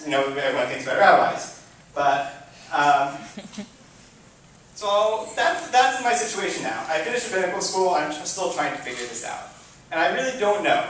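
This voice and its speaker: A young man who is a rabbi giving personal opening remarks to an audience, chatty and self-deprecating, with many restarts and sudden animated outbursts. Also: on the high side, a little hiss or hum. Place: event hall before a live audience. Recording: very echoey hall, voice from far off.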